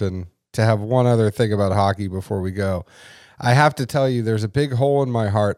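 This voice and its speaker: A man's voice: fairly low pitch, a little mellow, no echo, clean studio sound. A man hosting an interview, chatty and full of enthusiastic asides. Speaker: interview host. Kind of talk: casual interview chat.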